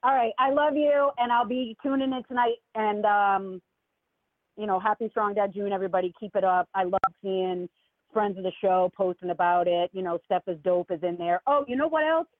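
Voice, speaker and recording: A woman calling in to a show and chatting casually about politics, animated and swooping high when she mocks people. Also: moderate pace, no room sound. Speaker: caller. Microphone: phone call. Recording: tinny phone line, dry.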